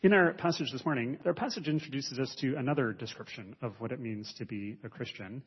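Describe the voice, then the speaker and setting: A man preaching a sermon as pastor, measured and explanatory, with frequent hesitant fillers. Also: mid-range voice, slightly rough. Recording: muffled sound with long hall reverb.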